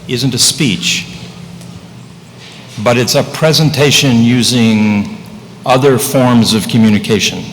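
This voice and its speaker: A man serving as master of ceremonies, introducing the next presentation in a plain, steady way. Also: medium pitch. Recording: echoey hall, faint noise.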